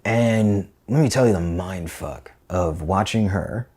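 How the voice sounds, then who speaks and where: A man in his twenties, a podcast guest telling a personal story in a candid, profane, animated way. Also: low voice, slow, breathy edge. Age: 20s.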